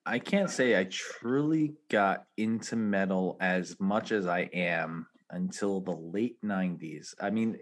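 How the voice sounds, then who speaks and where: A man in his forties co-hosting a podcast, chatting casually and telling stories with animated energy and easy laughter. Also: deep voice. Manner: animated storytelling, laughs easily. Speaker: podcast co-host. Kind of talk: casual chat.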